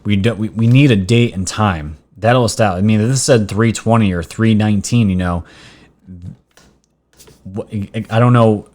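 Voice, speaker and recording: A man hosting a casual commentary vlog, chatty and excitable, talking straight to his viewers as "guys.". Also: fairly low pitch, moderate pace. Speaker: vlog host.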